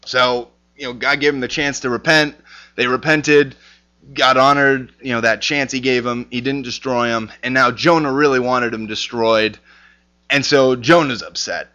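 A man's voice: mid-range voice, steady tone, a little slow, bright, forceful tone, clear, resonant tone. A man teaching a casual Bible lesson, talking conversationally with lots of fillers and restarts.

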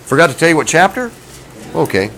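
A man's voice: fairly high pitch, very animated, a little fast, fairly bright tone, low-quality recording. A middle-aged man preaching a sermon in a folksy, conversational way, often asking his listeners questions. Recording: faint background noise.

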